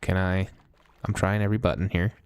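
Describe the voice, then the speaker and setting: A man hosting a let's play, chatting casually and thinking aloud as he plays, often pausing with hesitations. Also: low-pitched, fairly even intonation, smooth. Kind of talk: casual gameplay commentary.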